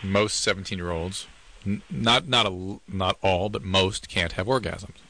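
A man's voice: sits low, a little slow, sharp tone. A man co-hosting a radio call-in show who gives earnest medical advice and lectures at length.

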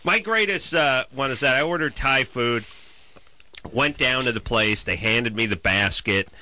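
A man hosting a comedy radio show, riffing and telling stories with quick impressions. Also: sharp tone. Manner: riffing, mocking quoted voices with high squeaky jumps. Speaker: radio host.

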